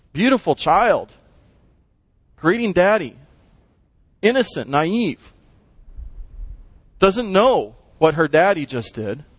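A man with a high, bright-sounding voice teaches a Bible lesson to his class. He is animated and keeps asking his listeners questions as he explains the text. The recording is dry and close, with no room sound. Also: no room sound.

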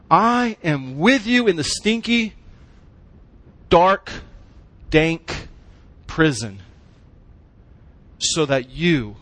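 A man's voice: fairly high pitch, lively intonation, drawn-out words, long pauses, fairly bright tone. A man preaching a sermon, emphatic, using short punchy phrases and asking the congregation questions. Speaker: pastor.

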